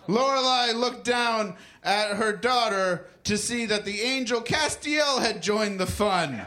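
A man's voice: high voice, expressive, measured pace, few pauses, sharp tone. A man reading comic fan fiction aloud to a comedy club crowd with mock drama.

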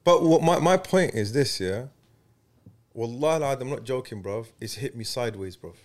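A man, hosting a casual podcast chat and making his points in a preachy, animated way. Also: mid-range voice, moderate pace. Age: 30s. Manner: animated, preachy, peppers speech with "bruv".

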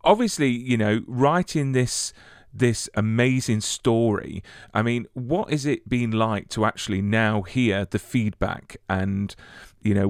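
A man's voice: fairly low pitch, no room sound, clean studio sound. A man interviewing a filmmaker, asking rambling, enthusiastic questions with frequent restarts. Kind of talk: casual interview conversation.

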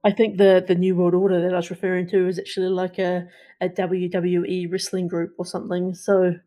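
Flat-toned woman sharing film news. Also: fairly low pitch, fairly quick. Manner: hesitant, many restarts and ums. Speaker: podcast co-host. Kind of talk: casual pop-culture news chat.

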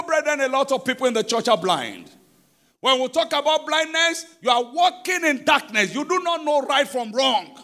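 A man with a Nigerian accent preaching a sermon in a church service. He preaches emphatically, asks the congregation questions, and swings between shouts and quiet passages. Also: very high voice. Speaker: pastor.

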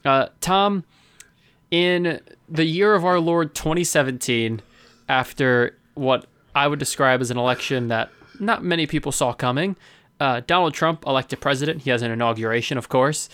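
A man co-hosting a podcast, bantering in a casual, teasing and animated way. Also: medium pitch, clean tone, no echo. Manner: animated, teasing, quick to joke. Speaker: podcast co-host.

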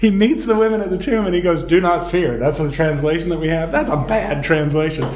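A man's voice: a little high, a little fast. A man leading a Bible study class in a church room, teaching casually and acting out quotes with laughs. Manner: animated, laughs often, acts out quotes. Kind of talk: casual teaching in a group discussion. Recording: echoey room recording with group chatter.

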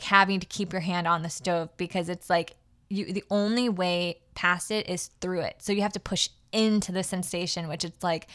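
A woman's voice: fairly low pitch, fairly bright tone. A young adult woman hosting her own podcast, telling a personal story in a casual, heartfelt way with many fillers and restarts. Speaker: podcast host.

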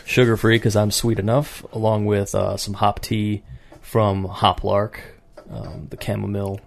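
A man's voice: on the low side, level tone, measured pace, gravelly, a little hiss or hum. A man co-hosting a podcast, joking and rambling with playful quips in a casual chat. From United States. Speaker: podcast co-host.

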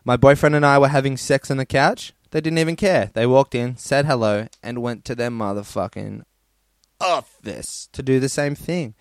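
A man's voice: mid-range voice, normal speed, no echo, clean studio sound. A man hosting a podcast, casually reading listener stories in a crude, rambling way and laughing often. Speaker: podcast host.

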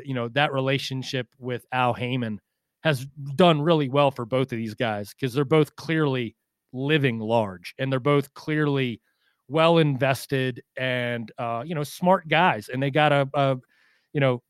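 A man's voice: medium pitch, unhurried, clean tone, no echo, studio quality. A man co-hosting a boxing podcast in casual chat, rambling with lots of fillers and restarts and swearing freely.

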